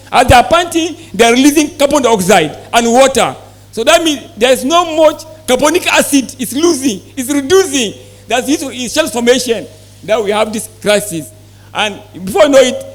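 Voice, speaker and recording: In an exhibition hall, a man with a high voice gives a poultry health presentation to farmers. He puts questions to the audience and repeats the key points.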